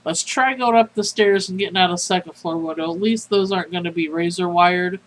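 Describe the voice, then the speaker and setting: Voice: mid-range voice, brisk, a little hiss or hum, close to an everyday voice, rough recording. A player voicing a fed-up, streetwise mortal man in a tabletop horror game, blunt and tough-talking. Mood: urgent.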